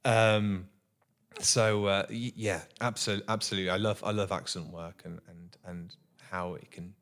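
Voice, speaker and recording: A man's voice: low voice, flat delivery, unhurried, a bit bright. A young man, an actor being interviewed, speaking earnestly with many restarts and repeated words. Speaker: actor guest. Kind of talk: casual interview chat.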